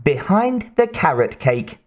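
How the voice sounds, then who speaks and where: Guy doing a chirpy young woman crewmate, higher voice, slow. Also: very animated. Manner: chirpy, announcing. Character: bright young woman crew member.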